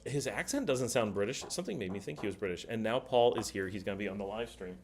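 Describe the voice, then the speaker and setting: A man's voice: on the low side, animated, fast talker, darkish tone, a little hiss or hum. A middle-aged man hosting a casual livestream, chatting and reading viewer comments aloud. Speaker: livestream host.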